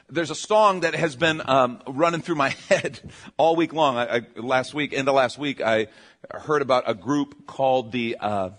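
A man preaching a conversational sermon. He tells stories in an animated way, restarts his phrases and keeps checking in with his listeners. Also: mid-range voice. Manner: self-interrupting, restarts phrases. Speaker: pastor.

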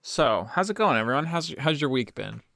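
A young man co-hosting a podcast in casual comedic chat, quick with jokes. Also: medium pitch, big pitch swings, gravelly, a bit bright, no echo. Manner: joking, quick with riffs. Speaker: podcast co-host.

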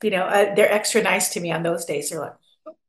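This Pennsylvania woman, a podcast guest with a lowish voice, talks fast and chattily in a casual interview. She's expressive and acts out small quoted voices, and the recording carries a roomy echo.

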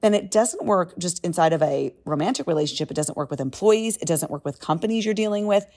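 Chatty woman with a low voice. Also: quick pace. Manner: chatty and emphatic, animated asides. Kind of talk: casual book summary talk.

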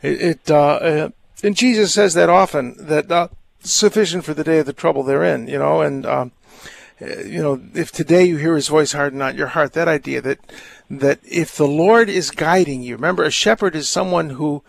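A man's voice: fairly high pitch, moderate pace, vocal fry, no echo. An older man, a priest, hosting a call-in radio show, chatting in a rambling way with frequent laughs and stumbling restarts. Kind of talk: casual call-in radio talk.

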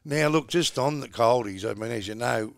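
A man's voice: mid-range voice, normal speed, creaky, dry recording, clean studio sound. A middle-aged Australian man hosting a podcast, chatting in a laid-back, rambling way and calling his co-host mate. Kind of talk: casual chat.

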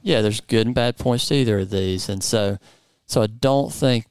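A man hosting a casual studio chat, relaxed and playful, with lots of fillers. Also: lowish voice, moderate pace, clean tone, no echo. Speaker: podcast host.

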